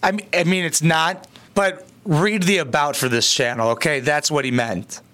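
Bright, crude-talking male reaction host. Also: fairly high pitch, steady tone, normal speed. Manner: crude, mocking, sarcastic. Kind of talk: comedic reaction commentary.

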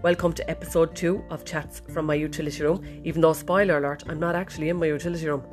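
Irish woman, podcast host, low voice, cheeky sweary chat, talking from her bed. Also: fairly even intonation, fast, a little mellow, faint music behind. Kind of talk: casual chat. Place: bedroom, sitting on the bed.

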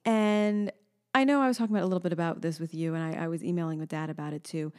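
A woman's voice: lowish voice, racing. A woman in her thirties talks in an easy, casual way as she co-hosts a conversation. She tells stories with energy and sometimes imitates her little daughter's voice. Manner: animated storyteller, acts out her daughter's voice. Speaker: podcast co-host. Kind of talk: casual chat.

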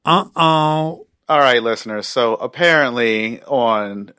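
A man's voice: mid-range voice, slow pace, sharp tone, smooth, no room sound, clean studio sound. A young man co-hosting a podcast in casual chat, joking and laughing as he teases his co-host. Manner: laughing, joking, playful teasing.

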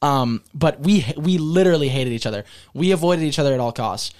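Young man telling stories, slightly high voice. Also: animated, brisk, a little mellow. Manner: storytelling, laughing often. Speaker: podcast host. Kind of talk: casual chat among friends.

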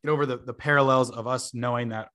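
A man's voice: mid-range voice, fairly even intonation, fast, a crowd in the background. A man in his twenties, a podcast host, telling a long story in a casual way, full of fillers and laughing asides.

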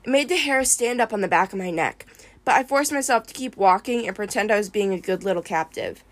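A woman reading a first-person adventure novel aloud in a lively storytelling manner. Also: medium pitch, a little fast, no room sound. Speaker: reader.

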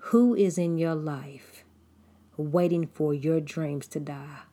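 A woman preacher with a low, husky voice delivers her sermon at an unhurried pace. She builds her points through repetition and deliberate emphasis, and her cadence steadily drives each phrase home. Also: fairly even intonation, mellow.

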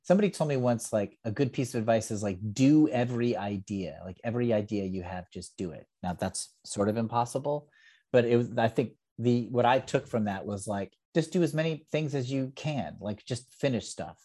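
A man who teaches improv talks briskly in a mellow, medium-pitched voice during a casual podcast interview. He rambles and puts himself down, with fillers throughout.

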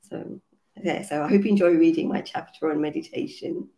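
A woman with a cold and a hoarse voice, a children's yoga teacher explaining her book chapter in an earnest way, with many fillers. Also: low voice, fairly quick, mellow. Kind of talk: casual online panel talk.

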